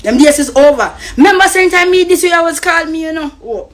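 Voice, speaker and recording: A woman's voice: extremely high pitch, lively intonation, brisk. A woman from Costa Rica with a Jamaican Patois accent, ranting heatedly and profanely on a live stream. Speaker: social media personality.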